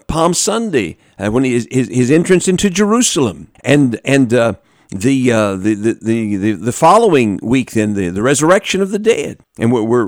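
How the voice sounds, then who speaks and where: A man's voice: darkish tone, no echo, clean studio sound. A man preaching a sermon in a folksy, emphatic way, with many restarts, talking straight to his congregation. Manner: emphatic, with big pitch swings, repeats and restarts; folksy, talks directly to the congregation.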